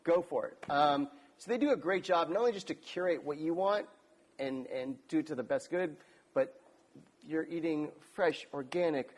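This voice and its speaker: Guy hosting a chat, kinda high voice, hyped and friendly about the trip. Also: normal speed. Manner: friendly and enthusiastic, promotional. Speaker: interview host. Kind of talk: casual interview chat.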